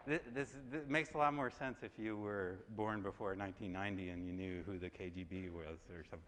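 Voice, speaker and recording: A man giving a university lecture, halting, with many restarts and fillers. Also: low voice, fairly bright tone. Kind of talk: classroom lecture. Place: large lecture hall. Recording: reverberant lecture hall, faint noise.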